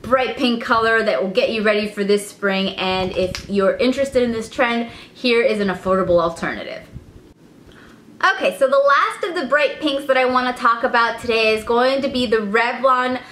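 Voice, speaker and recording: A woman's voice: on the high side, moderate pace, fairly bright tone. Upbeat woman reviewing lipsticks, roomy echo. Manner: chatty and enthusiastic. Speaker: beauty vlogger. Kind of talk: casual product review. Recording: echoey room.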